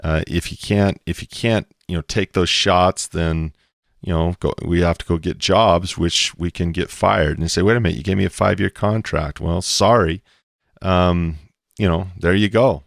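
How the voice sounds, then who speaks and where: Deep-voiced man, emphatic podcast talk. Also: steady tone, a little slow, no echo, clean studio sound. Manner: emphatic, acts out quoted exchanges. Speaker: co-host explaining investing.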